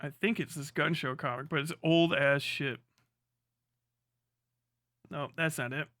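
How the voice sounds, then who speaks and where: A high-pitched, bright male streamer rants in a loose, profane way, laughing often and slipping into mocking voices. He is close to the mic in a dry, dead room. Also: no echo. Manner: animated, profane, quick to laugh, mimics voices. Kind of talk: casual livestream rant.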